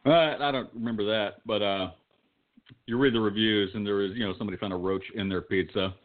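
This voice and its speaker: A man's voice: fairly low pitch, fairly even intonation, a little fast. A man co-hosting a podcast in casual chat, mostly giving short, profane reactions. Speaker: podcast co-host. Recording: tinny phone-like sound.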